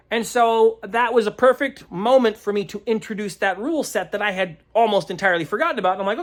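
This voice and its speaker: A man's voice: high voice, fast talker, hardly any pauses. A man who runs tabletop games, recapping a session in a rambling, casual way, searching aloud for words and chuckling often. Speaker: game master.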